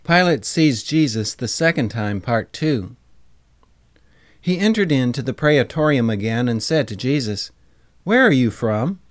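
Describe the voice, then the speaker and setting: A man reading scripture aloud in a measured, deliberate narration. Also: mid-range voice, expressive, no room sound, clean studio sound. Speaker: scripture reader.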